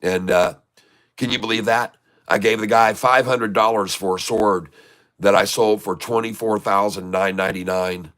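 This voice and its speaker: Middle-aged guy rambling thru an old story, bright clear voice, doing the other people's lines. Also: on the low side, fairly even intonation, normal speed. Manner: rambling anecdotes with laughs and quoted dialogue. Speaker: trading channel host. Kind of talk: casual storytelling.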